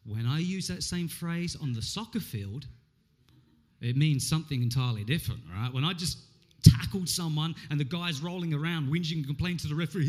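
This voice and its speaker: Animated man preaching a sermon. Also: a little high, fairly quick. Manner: animated, humorous, acts out quotes. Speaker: pastor.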